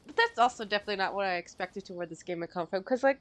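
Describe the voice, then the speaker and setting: A woman's voice: mid-range voice, animated, very fast. A woman commenting casually over her gameplay, gushing and rambling with many fillers. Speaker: game streamer.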